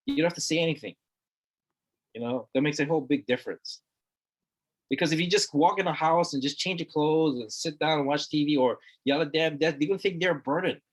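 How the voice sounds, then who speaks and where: A man's voice: a little high, a little fast. A middle-aged man from Hawaii, a guest talking earnestly in a casual conversation, repeating words for emphasis. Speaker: interview guest.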